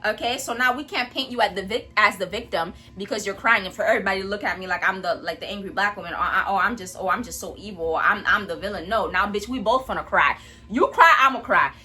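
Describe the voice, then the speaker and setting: A woman vlogger speaks in a bright, mid-pitched voice. Her commentary is a blunt, profane and animated rant. She is recording indoors in a room at home.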